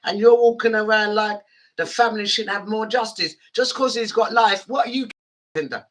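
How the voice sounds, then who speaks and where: A woman's voice: medium pitch, moderate pace, noisy background. A woman radio DJ, ranting angrily and addressing listeners directly. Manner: angry, indignant, direct address. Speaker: radio DJ and host.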